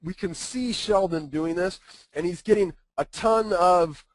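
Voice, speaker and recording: A man's voice: high voice, unhurried, no echo, rough recording. A man giving a casual webinar presentation, talking conversationally and often checking in with his listeners.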